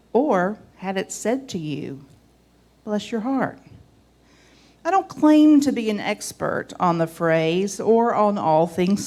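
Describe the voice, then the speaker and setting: Her voice is medium-pitched and a touch mellow, carrying the Southern accent of a woman in her forties from the American South. She offers a homey church reflection built on scripture reading and folksy asides.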